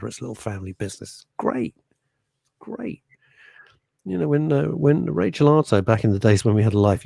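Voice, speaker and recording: A man co-hosting a radio talk show, telling rambling anecdotes in a chatty, lively way. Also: medium pitch, gravelly, slightly rough, no echo. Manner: chatty, anecdotal, lively storytelling with put-on quote voices. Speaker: radio co-host. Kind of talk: casual radio chat.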